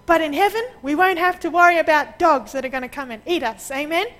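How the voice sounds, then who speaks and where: A woman preaching a sermon, telling lively stories over slides and laughing often. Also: high-pitched, fast talker, low-quality recording. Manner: lively anecdotal storyteller who laughs often.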